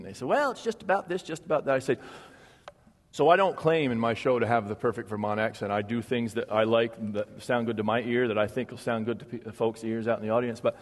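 Rambling comedian guest, hall reverb. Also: male voice, mid-range voice. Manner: rambling, with false starts. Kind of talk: casual chat on stage.

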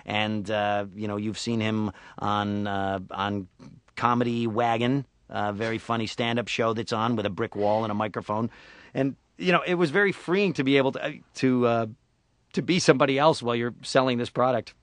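A man's voice: mid-range voice, steady tone, normal speed, a bit bright, no room sound. A middle-aged man from Syracuse, New York, chatting loosely in an interview and slipping into playful put-on voices. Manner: jokey, slips into put-on voices and impressions. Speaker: voice actor guest. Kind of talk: casual interview chat.

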